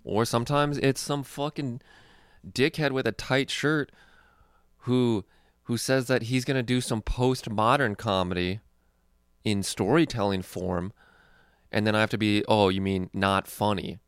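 Young comedian dude rambling and swearing a lot, low gravelly voice, super dry close sound. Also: male voice, steady tone, a little slow, no echo. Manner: rambling, profane, laid-back. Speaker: stand-up comedian. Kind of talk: casual chat.

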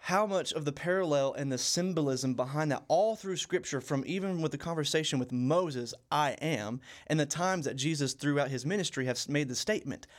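A man's voice: on the high side, a little fast, hardly any pauses. A young man co-hosting a casual Bible study podcast, earnest and often repeating and restarting his phrases. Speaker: co-host.

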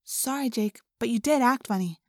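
A woman's voice: on the high side, moderate pace, darkish tone, no room sound, clean studio sound, close to an everyday voice. Woman voicing a worried teenage girl.

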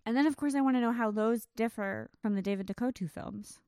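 A woman's voice: fairly high pitch, quick pace, dark tone, clear, resonant tone, no room sound, studio quality. A woman co-hosting a podcast, asking probing questions and analysing films with amusement. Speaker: podcast co-host. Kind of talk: casual movie discussion.

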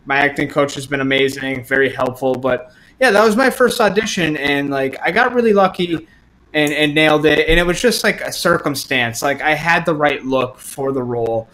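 A man's voice: fairly high pitch, expressive, moderate pace, a bit bright, rough recording. A man chatting casually about his start as a fair actor, rambling and laughing, acting out quoted lines. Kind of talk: casual podcast chat.

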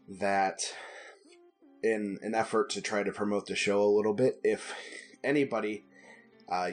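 A man narrating a tabletop game as game master, talking in a relaxed, conversational way. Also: on the low side.

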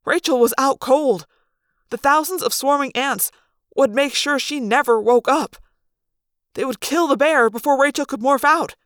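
A woman reading a first-person audiobook aloud in an expressive, dramatic way. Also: a little high, no room sound, studio quality. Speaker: audiobook reader.

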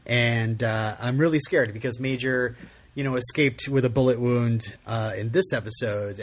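A male podcast host with a husky voice asks his questions with eager energy. He laughs easily and keeps the conversation relaxed and casual. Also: medium pitch. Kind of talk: casual interview chat.

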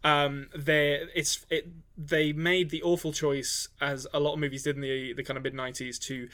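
Bright-voiced man reviewing movies. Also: on the high side, level tone, normal speed. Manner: rambling, many restarts and ums. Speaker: podcast co-host. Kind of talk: casual movie review chat.

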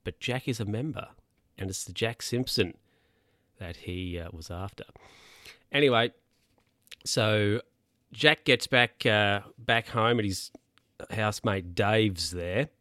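A man's voice: on the low side, takes it slowly, pauses often, bright, forceful tone, dry recording, studio quality. A man casually recapping a film, rambling with lots of fillers and asides.

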